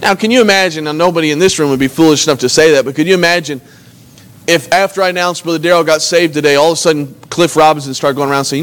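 A man's voice: a little high, fast, fairly bright tone, clear, resonant tone. A man preaching a sermon as pastor, earnestly reading scripture and retelling it in everyday words. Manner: earnest preaching, reads scripture aloud and retells it in plain talk.

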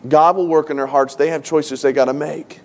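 A man's voice: fairly high pitch, steady tone, brisk, darkish tone. A middle-aged man, a pastor, preaching a sermon with earnest, emotional storytelling and repeated phrases for emphasis. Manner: emotional storytelling, tearful at times.

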